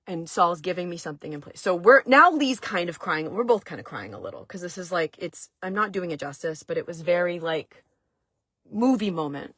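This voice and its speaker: A middle-aged woman with a Maine accent hosts a casual livestream chat, telling a personal story in a chatty, emotional way full of fillers and restarts, and now and then talking to viewers in the chat. Her voice is on the low side and a bit bright, with big pitch swings and a slightly fast pace. The recording is dry, clean studio sound.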